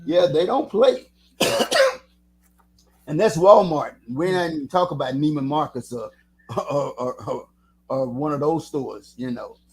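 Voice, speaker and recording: A man in his seventies, a guest musician on a radio show, chatting casually and telling animated stories with quick voice impressions. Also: a little high. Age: 70s. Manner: animated storyteller, slips into impressions.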